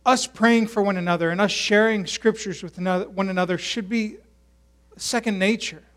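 A man's voice: high voice, fairly even intonation, moderate pace, fairly bright tone. A male pastor preaching a sermon at a church service in a conversational way, asking the congregation questions.

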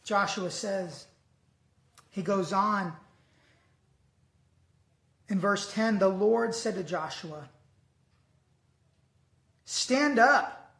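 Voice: mid-range voice, vocal fry. Earnest preacher in an echoey room. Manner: earnest, reads scripture aloud slowly and deliberately. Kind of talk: sermon.

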